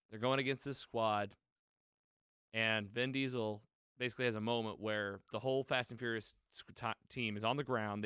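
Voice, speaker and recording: A man's voice: medium pitch, clear, resonant tone, no room sound, clean studio sound. Man animatedly recapping a movie plot. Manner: rambling, animated retelling with quoted lines and self-corrections. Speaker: podcast co-host. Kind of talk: casual movie recap chat.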